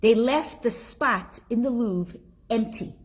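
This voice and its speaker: A middle-aged woman teaching a live online class, chatty and animated, reading out viewer comments as she goes. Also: a little high, slow pace, breathy edge.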